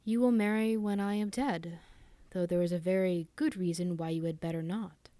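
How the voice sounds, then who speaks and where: A cruel old lord on his deathbed, murmuring low and slow with quiet menace, as a woman reading a story puts him on. The voice sits low and dark, barely above a whisper, in a dry, close sound. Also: steady tone, dry recording, lightly acted. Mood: cold. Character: dying old male aristocrat, malicious, gloating.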